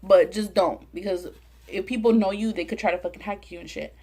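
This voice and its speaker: With a slightly quick pace, a young mukbang vlogger from Southern California narrates a profane story to camera. Her voice is mid-range, and she's animated, voicing the people she quotes.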